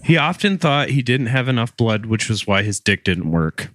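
A man's voice: medium pitch, big pitch swings, moderate pace, fairly bright tone, no echo. A man hosting a podcast, telling a true crime story in casual chat, joking and swearing as he goes. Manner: profane and joking. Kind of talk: casual chat, comedic retelling.

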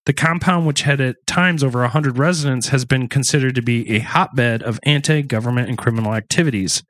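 A man's voice: mid-range voice, fairly quick, a bit bright, dry recording. A man casually chatting on a dry podcast mic. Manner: conversational, loose, with restarts and asides. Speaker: podcast co-host. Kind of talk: casual true-crime podcast chat.

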